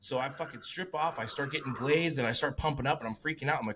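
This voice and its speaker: A man and competing bodybuilder, co-hosting a casual podcast, telling stories with lots of swearing and animated quoting of others. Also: medium pitch, fast talker, few pauses, a little hiss or hum. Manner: profane, animated storytelling.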